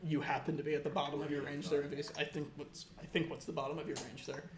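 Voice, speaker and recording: A man's voice: fairly high pitch, little pitch movement, fast, crowd noise. A man commentating a live poker tournament, breaking down hands carefully and hedging often with "I think.". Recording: echoey room with background noise.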